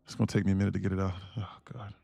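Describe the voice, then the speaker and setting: A man's voice: low voice, flat delivery, rapid-fire, vocal fry, dark tone, dry recording. A man streaming live day trading, talking casually and laughing as he reads chat aloud. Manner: laid-back, chuckling, reads chat aloud.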